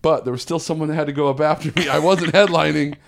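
A man's voice: a little high, fast talker, vocal fry. A young man, a comedian, telling stories in a casual chat and acting out the people in them. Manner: animated storyteller acting out quotes. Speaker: comedian guest.

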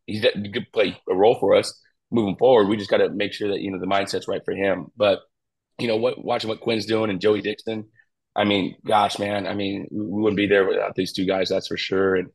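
A middle-aged man, a college pitching coach, talking casually in an interview and rambling with lots of fillers and restarts. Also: flat delivery, brisk, breathy edge, low-quality recording.

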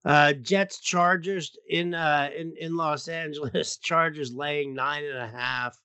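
A man's voice: on the high side, fairly even intonation, slow, bright, forceful tone, clean tone, no room sound. A man hosting a casual sports betting talk show, talking loosely with frequent restarts. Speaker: sports betting podcast host.

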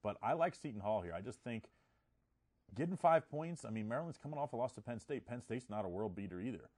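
A man's voice: medium pitch, animated, fast, a little mellow. A man giving sports betting picks in casual chat, often restarting his words.

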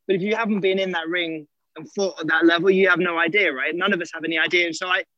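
A man's voice: high voice, steady tone, fast, bright, forceful tone, no room sound, lo-fi sound. A man, a documentary director as guest, giving reflective interview answers with frequent restarts.

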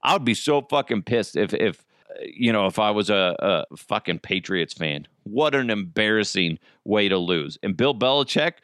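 A man's voice: on the low side, animated, moderate pace, a bit bright, smooth, no echo, studio quality. A man hosting a solo podcast, ranting profanely and mocking his targets. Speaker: podcast host.

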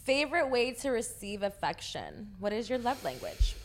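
A woman's voice: a little high, sing-song, normal speed. A woman hosting a casual interview, asking cheeky questions in a teasing, playful way. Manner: teasing, playful, laughs often. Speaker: host.

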